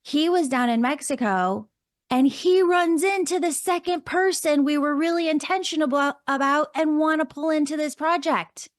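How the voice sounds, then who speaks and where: A woman's voice: high voice, moderate pace, dry recording, clean studio sound. A woman hosting a podcast, telling a story in casual chat with gushing enthusiasm and lots of "like" and "oh my God". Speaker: podcast host and medium.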